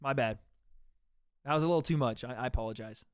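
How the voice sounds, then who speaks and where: A man's voice: mid-range voice, fast, smooth, no room sound, studio quality. A man hosting a fight watch-party livestream, giving play-by-play commentary. He is chatty, swears freely and talks to his chat between calls. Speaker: livestream host.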